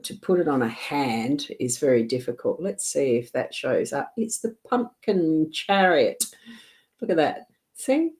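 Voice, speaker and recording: A woman with a South Australian accent giving a rambling, gentle card reading on a livestream from her home desk, often laughing. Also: deep voice, lively intonation, a little slow. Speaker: psychic card reader.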